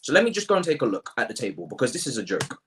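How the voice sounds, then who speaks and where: A man's voice: mid-range voice, huge pitch swings, rapid-fire, background noise. A man hosts a football fan channel and reviews a match to camera. He sounds exasperated, repeats phrases for emphasis and talks in slang, close to the mic.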